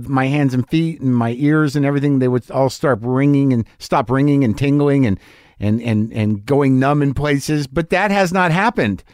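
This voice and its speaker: A man's voice: a little high, dry recording, studio quality. A man giving a rambling, self-deprecating confessional monologue as a podcast host.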